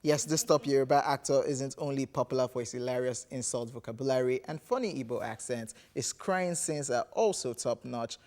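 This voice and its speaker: A Nigerian man co-hosting a TV entertainment show, presenting countdown segments and joking with an expressive delivery. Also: medium pitch, fairly quick, few pauses. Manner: expressive, animated, playful. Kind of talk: presenting and studio banter.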